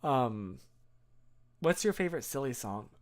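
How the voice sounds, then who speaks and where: Unhurried, rambling live streamer. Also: mid-range voice, sing-song. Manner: rambling and nostalgic, many fillers and restarts. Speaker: live streamer reading chat. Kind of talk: casual live-stream chat.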